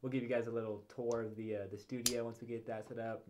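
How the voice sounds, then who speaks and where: A man's voice: medium pitch, flat delivery, fast talker, noisy background. A man co-hosting a casual livestream, talking loosely with lots of fillers and restarts. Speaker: co-host.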